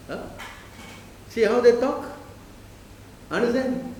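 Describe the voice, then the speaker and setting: A man's voice: fairly high pitch, a little slow, pauses often. A man giving a sermon in a temple hall. He keeps checking with his listeners and asks them short questions. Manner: quizzing the audience with repeated "Understand?" and "Huh?"; mimics others in brief put-on voices. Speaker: preacher. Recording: roomy hall with faint hiss.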